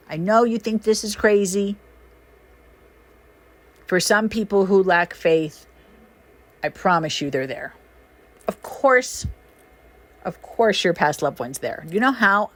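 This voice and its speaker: A woman hosting a podcast, telling stories in a casual, chatty monologue with many fillers and sudden emphatic rises in pitch. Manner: animated, emphatic, swings her pitch up when excited. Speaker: podcast host and shaman.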